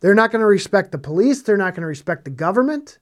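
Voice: mid-range voice, sing-song, fast talker. A Bible teacher preaching on scripture in a conversational way, stressing points by repeating phrases and asking rhetorical questions.

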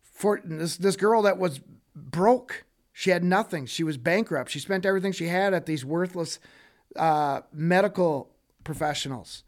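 A man's voice: sits high, measured pace. A man giving a casual Bible teaching, reading scripture and acting out the people in it, often checking in with "okay?". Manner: animated, acts out quoted voices, frequent "okay?" check-ins. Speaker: preacher.

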